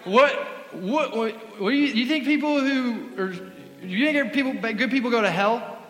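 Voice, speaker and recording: A man voicing a loud, tipsy, chatty woman in her early sixties who is nervous about flying and full of prying questions. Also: extremely high pitch, normal speed, echoey room, in a large hall, soft background music, voice pushed up.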